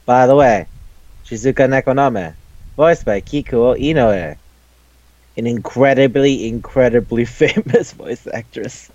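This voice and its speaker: Animated, chatty young man. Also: measured pace, dry recording, lo-fi sound. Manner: animated, swears, acts out characters in high voices. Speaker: podcast co-host. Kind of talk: casual chat.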